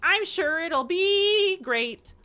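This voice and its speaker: A woman doing a slow, booming kindly elder. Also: expressive, pushed and bright, heavily acted. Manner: slow, drawn-out and emphatic.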